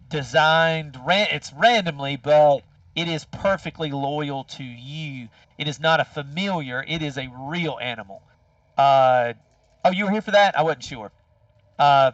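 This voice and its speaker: A man's voice: a little high, no echo. Man running a tabletop game, distant and dull. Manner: relaxed, with frequent fillers. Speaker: game master.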